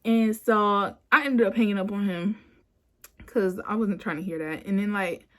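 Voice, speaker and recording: A woman's voice: mid-range voice, normal speed. A woman in her twenties telling a personal story in a casual, rambling way, full of "like" and "you know", recorded on a phone camera at home. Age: 20s. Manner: animated when quoting herself. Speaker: vlogger.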